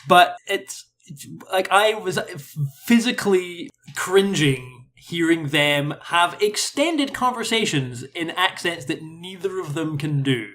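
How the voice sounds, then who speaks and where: A woman's voice: fairly low pitch, lively intonation, takes it slowly, fairly bright tone. A woman with a Scottish accent that has faded from living in America, co-hosting a casual podcast chat with dry agreeing remarks. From Scotland. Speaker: podcast co-host.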